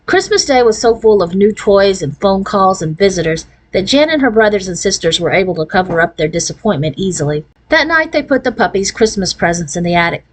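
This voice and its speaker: A woman reads a children's chapter book aloud at a mid-range pitch. Her narration follows an expressive storybook cadence. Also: brisk, few pauses, low-quality recording.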